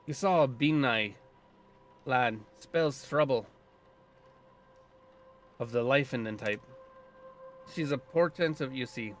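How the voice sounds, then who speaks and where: A man voicing a gruff, blunt male druid, guardian of the land, with a put-on loosely Scottish accent and a folksy, earthy manner. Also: medium pitch, slight background noise, close to an everyday voice. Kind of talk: voicing a game character.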